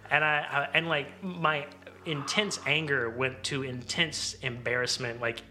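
Bright-voiced man telling a story. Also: unhurried, soft background music. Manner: animated, acts out quotes with big pitch jumps. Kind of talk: casual storytelling chat.

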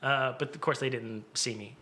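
A man animatedly telling a story in casual chat, acting out what people said. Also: moderate pace. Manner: animated, acts out quotes with big pitch jumps.

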